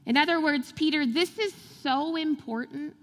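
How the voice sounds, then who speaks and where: A woman's voice: sits high, moderate pace. A woman pastor preaching a sermon, telling the story animatedly and acting out the quotes. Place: large church sanctuary. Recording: long hall reverb in a church.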